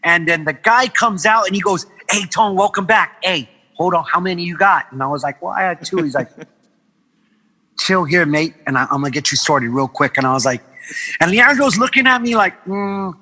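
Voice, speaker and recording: A man from Guam, a podcast guest, telling animated stories in casual chat, swearing freely and acting out the voices of people he quotes. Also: sits high, moderate pace, in a large hall, rough recording.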